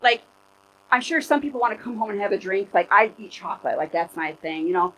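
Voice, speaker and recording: A woman's voice: mid-range voice, lively intonation, brisk, pushed and bright, low-quality recording. A woman pastor in her forties giving a candid, conversational sermon, full of "like" and "you know". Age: 40s.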